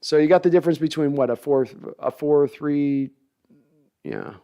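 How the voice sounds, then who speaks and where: A man's voice: a little high, normal speed, gravelly, warm tone, clear, resonant tone. A man hosting a live sports talk show, reading viewer comments and analyzing players in a conversational, thinking-aloud way. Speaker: podcast host.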